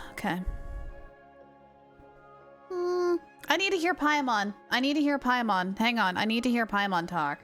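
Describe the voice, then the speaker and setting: A young woman streams a game and chats casually with viewers, poking fun at herself as she plays. Her fairly high voice is expressive and a bit bright, slow with long pauses, and faint music plays behind her.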